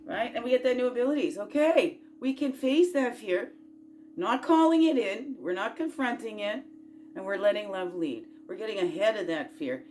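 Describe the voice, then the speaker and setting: A woman hosting a casual self-growth chat, folksy and encouraging, rambling through asides and rhetorical questions, sometimes bursting out loud and sometimes dropping to a murmur. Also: fairly high pitch, lively intonation, moderate pace, slight background noise. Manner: swings between loud bursts and quiet murmurs. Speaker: spiritual self-growth host.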